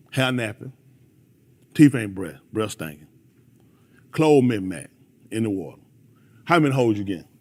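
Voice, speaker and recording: A man preaching a fiery sermon, calling out members of the congregation by name. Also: mid-range voice. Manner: animated, preachy, calls out listeners by name.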